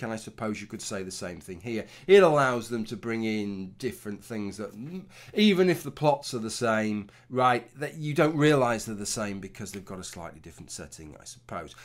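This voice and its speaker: A middle-aged man giving a casual, rambling opinion commentary, swearing often and restarting his sentences. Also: medium pitch. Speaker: commentary vlogger.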